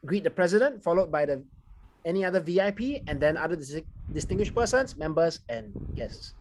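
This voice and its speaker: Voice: medium pitch, lively intonation, fairly quick. Singaporean accent, instructive speech evaluator, video call, faint background noise. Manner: instructive, corrects grammar and pronunciation. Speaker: language evaluator.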